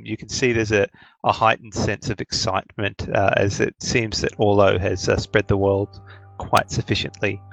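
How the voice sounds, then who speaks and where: A man's voice: lowish voice, poor audio. A man narrating as game master of a tabletop game, hesitant, with many ums and uhs.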